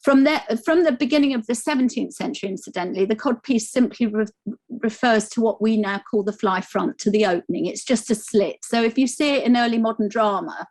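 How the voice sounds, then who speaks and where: A woman with a somewhat high voice delivers a scholarly lecture, walking the audience through slides. She speaks thoughtfully, often pausing with ums and restarting phrases as she searches for words. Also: darkish tone. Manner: hesitant, many ums and restarts. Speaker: conference speaker.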